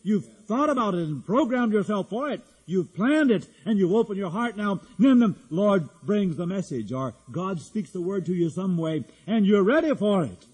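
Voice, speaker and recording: A man's voice: sits high, expressive, moderate pace, hardly any pauses, darkish tone, slightly rough. A man preaching a sermon as a pastor, in earnest, with frequent restarts. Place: church hall. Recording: echoey hall.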